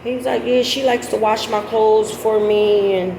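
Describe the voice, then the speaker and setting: A middle-aged woman telling a story casually, animated and profane, her voice breaking into high laughing squeals. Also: moderate pace. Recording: echoey with loud background noise.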